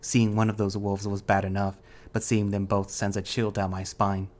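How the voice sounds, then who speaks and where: A man narrating a first-person audio story in a steady, measured way. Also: fairly low pitch.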